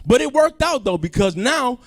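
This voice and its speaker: A male comedian doing a stand-up set, animated, swinging between loud outbursts and low asides. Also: moderate pace.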